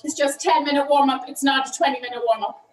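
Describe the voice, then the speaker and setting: Mid-meal, an Irish woman coaching an online indoor cycling class speaks with her mouth full and keeps apologizing. She has a high voice with fairly even intonation and talks fast. She's far from the mic in an echoey room.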